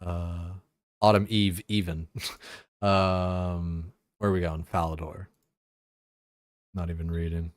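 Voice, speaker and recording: Low-voiced man rambling while gaming. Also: little pitch movement, takes it slowly, long pauses, no echo. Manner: rambling, profane, heavy filler words. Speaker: streamer. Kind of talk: casual chat while gaming.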